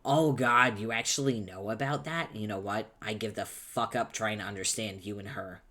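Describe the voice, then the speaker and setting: A man voicing an angry, foul-mouthed young male troll, shouting insults impatiently, reading a webcomic aloud. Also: lowish voice, fairly even intonation, normal speed. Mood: ranting.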